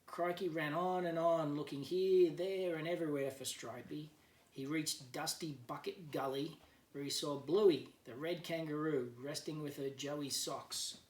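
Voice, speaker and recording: A male teacher reading a picture book aloud to children, gently explaining words as he goes, recorded at home. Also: a little high, steady tone, measured pace, far from the mic. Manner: gentle storyteller who explains words for kids. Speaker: teacher, guest reader. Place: at home, remote learning. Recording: echoey room, voice off-mic, faint background.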